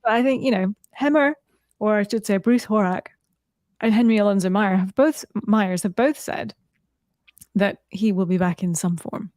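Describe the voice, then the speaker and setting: A woman's voice: medium pitch, normal speed, a little mellow, no echo, clean studio sound. A woman co-hosting a podcast in casual chat, wry and thinking aloud. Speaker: podcast co-host.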